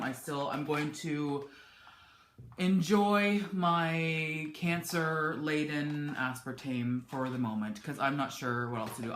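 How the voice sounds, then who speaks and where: A woman's voice: extremely low pitch, a bit bright, slight background noise. Woman, casual vlog chat, candid, rambling, home office, echoey room. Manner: candid, rambling, frequent restarts. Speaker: vlogger.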